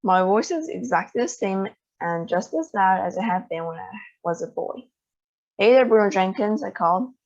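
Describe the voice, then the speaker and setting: Woman reading a storybook with an animated, sing-song delivery; lo-fi, muffled recording. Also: mid-range voice, normal speed, creaky. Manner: expressive, lively storytelling. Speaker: storybook reader. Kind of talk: reading a children's novel aloud. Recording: dull lo-fi sound.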